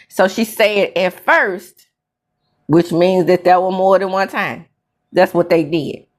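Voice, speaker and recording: A woman recaps a reality show in an unhurried, drawn-out way. She is blunt and sassy and punctuates her points with sudden high exclamations. Her voice sits at an ordinary middle pitch. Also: a bit bright.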